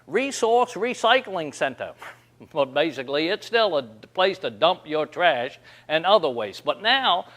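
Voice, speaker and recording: A folksy man tells comic yarns in a slightly high voice. He talks like a down-home storyteller and chuckles as he goes. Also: fairly bright tone. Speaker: host of a humor segment.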